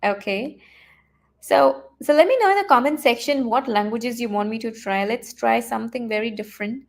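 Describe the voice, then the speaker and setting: Speaking into a computer mic, a woman teaches a live online coding lesson and walks her viewers through what's on her screen. Her fairly high, creaky voice moves at a normal speed as she thinks aloud, full of fillers and restarts.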